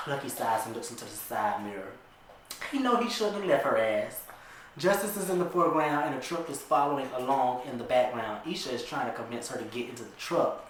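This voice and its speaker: A man reads a film script aloud in a casual, chatty way, breaking off to laugh and comment on it. His voice sits at a middle pitch and rings in a very echoey room. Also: lively intonation, moderate pace, a bit bright, a little hiss or hum. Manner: amused, chatty asides. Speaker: vlogger.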